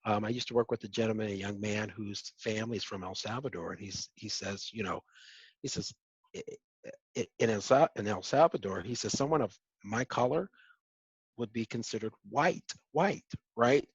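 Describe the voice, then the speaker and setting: A man's voice: on the low side, a little fast, slightly rough, no room sound, lo-fi sound. A man hosting a panel discussion, speaking conversationally with many stammering restarts. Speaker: host.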